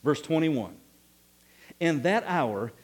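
Pastor guy preaching, high voice, super animated, big loud bursts then quiet bits. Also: takes it slowly, slightly rough. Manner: preaching with dramatic swings between loud exclamations and hushed asides. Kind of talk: sermon.

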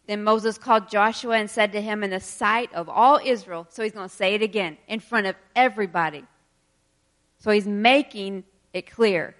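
A woman preaching a sermon, reading scripture verses slowly and with emphasis, then explaining them in quicker asides and laughing between points. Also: medium pitch, fairly bright tone.

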